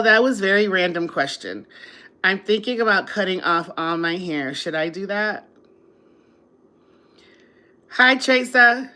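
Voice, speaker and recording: A woman's voice: mid-range voice, sharp tone. A woman hosting a casual live stream, chatting with viewers, laughing often and sounding drowsy after a meal. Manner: sleepy after eating.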